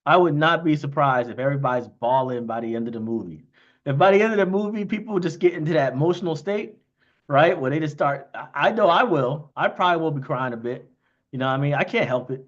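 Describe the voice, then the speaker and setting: A man hosting a casual livestream, talking excitedly in quick bursts and often asking "you know what I mean". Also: a little high, muffled recording. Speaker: livestream host thanking investors.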